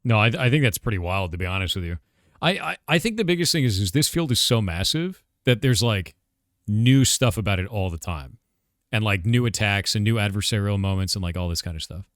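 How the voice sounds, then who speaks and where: A man co-hosts a tech podcast in an easygoing, slangy way, keen on whatever comes up. His voice sits fairly low, and the recording is dry and close. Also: a little fast, dry recording. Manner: relaxed and enthusiastic, slangy. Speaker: podcast co-host. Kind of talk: casual tech chat.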